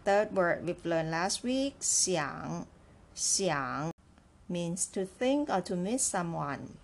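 Woman, language teacher, slow and deliberate, repeats each phrase three times. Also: fairly low pitch, lively intonation, gravelly. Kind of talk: slow, clear language lesson.

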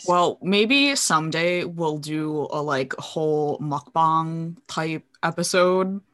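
Woman podcast co-host, slow, bright tone, casual and giggly. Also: deep voice. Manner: laughs often, drawn-out filler words. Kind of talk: casual chat.

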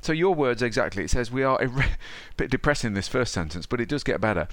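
A man hosting a podcast, enthusiastic and matey, sometimes reading passages aloud slowly. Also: medium pitch, lively intonation, fairly bright tone, no echo. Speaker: podcast host. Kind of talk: casual podcast conversation.

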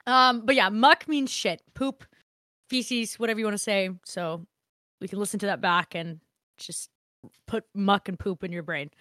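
A woman co-hosting a casual podcast, reading history aloud with animated, profane, laughing banter. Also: mid-range voice, moderate pace, no room sound, clean studio sound. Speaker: podcast co-host.

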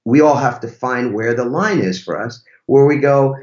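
A man speaking as a podcast guest in a relaxed, emphatic way, throwing out rhetorical questions. His voice sits in the middle range. The sound is roomy and slightly muffled. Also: medium pitch, normal speed. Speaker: podcast guest, relationship teacher. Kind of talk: casual conversational interview.

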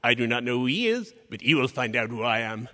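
A man voicing a grand female French curator with a French accent, slow and theatrical. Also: mid-range voice, big pitch swings, bright, forceful tone, voice pushed down. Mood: drawling. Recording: live hall reverb.

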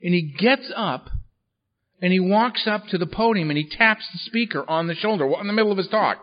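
A man's voice: high voice, fairly quick. A man giving a recovery workshop talk, telling his own story in a blunt, profane and humorous way, on a dull lo-fi recording. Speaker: workshop speaker at a recovery meeting.

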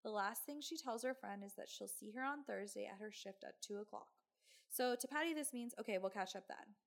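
A woman's voice: a little high, fairly quick, vocal fry. A woman hosting a podcast, telling a true crime story in casual chat with sarcastic, swearing asides. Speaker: podcast host.

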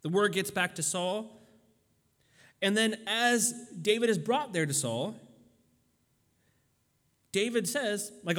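A man with a high voice preaches a sermon in a relaxed, chatty way, restarting phrases and tossing in fillers. His voice rings out with a long hall reverb. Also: takes it slowly, long pauses. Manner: conversational, loose with fillers and restarts. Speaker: pastor.

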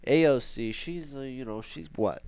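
A man's voice: medium pitch, normal speed, darkish tone, smooth. A young man hosting a casual podcast monologue, rambling and sarcastic, repeating himself for effect. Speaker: podcast host.

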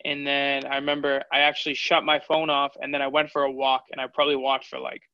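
A man's voice: mid-range voice, monotone, fast, vocal fry, no echo. A man in his twenties, a fighter, telling his story candidly in an interview. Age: 20s. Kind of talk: interview answers. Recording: dull lo-fi audio.

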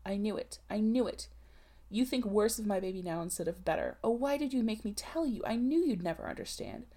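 A woman's voice: medium pitch, expressive, fairly quick. A woman voicing a desperate young unwed mother. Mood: anguished. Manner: hushed, pleading, breaking into sobs.

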